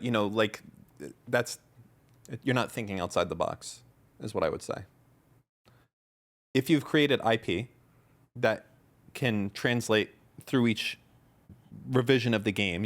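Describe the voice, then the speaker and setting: A man's voice: lowish voice, normal speed, pauses often. A man hosting a casual podcast chat, blunt and sarcastic in his remarks. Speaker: podcast host.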